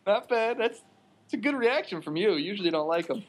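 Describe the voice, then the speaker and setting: Laid back podcast dude, kinda high voice, laughs a lot. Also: male voice, animated, a little fast. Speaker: podcast co-host. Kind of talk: casual podcast chat.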